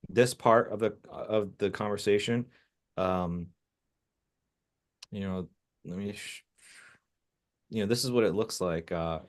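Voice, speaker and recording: Low-voiced man coaching plainly. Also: a little slow, pauses often. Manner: direct and emphatic, repeats points for clarity. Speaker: business coach. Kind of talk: coaching video call. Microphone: video call.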